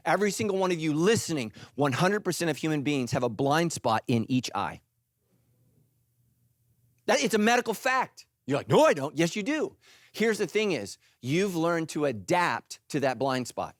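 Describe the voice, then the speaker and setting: A middle-aged male pastor preaching a sermon in an animated, joking way, acting out little voices. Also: fairly high pitch, no room sound, studio quality. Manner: animated, jokey, acts out voices.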